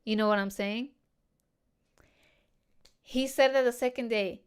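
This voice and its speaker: Smooth-voiced woman swearing through a story. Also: fairly high pitch, steady tone, a little slow. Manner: heavy swearing and slang, addresses listeners as dude and girls. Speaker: podcast host. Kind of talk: casual storytelling to listeners.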